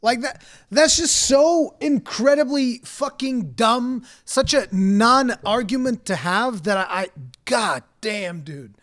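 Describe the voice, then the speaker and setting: A male streamer reacting to a video, talking with a high, excitable voice. He rants in a loose, casual way, swears freely and trips over his words as he goes. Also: takes it slowly. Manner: profane, animated ranting with repeated restarts.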